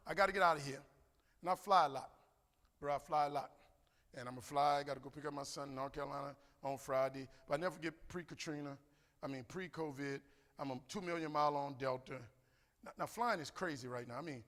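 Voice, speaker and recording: A man's voice: fairly high pitch, quick pace. A man giving a motivational keynote, telling stories and acting out both sides of a conversation. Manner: animated, preacherly, acts out both sides of a dialogue. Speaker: keynote speaker. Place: large conference hall. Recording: echoey hall with long reverb.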